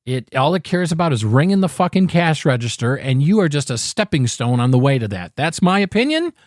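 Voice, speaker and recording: A man's voice: on the high side, very animated, brisk, no room sound, clean studio sound. A man in his fifties hosting a podcast, giving a blunt and candid opinion monologue, emphatic and profane, often restarting his phrases. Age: 50s. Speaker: podcast host.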